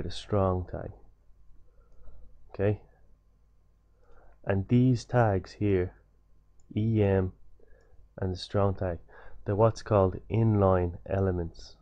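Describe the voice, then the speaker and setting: A man's voice: low voice, steady tone, takes it slowly, long pauses, dark tone, lo-fi sound. A young man giving a loose, repetitive coding tutorial over a screen recording, with many fillers and restarts.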